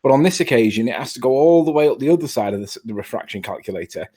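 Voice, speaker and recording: Man on a call, insistent and stammery, mid pitch, casual debate. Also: animated, very fast, dark tone, slightly rough. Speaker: caller on a live stream. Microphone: video call.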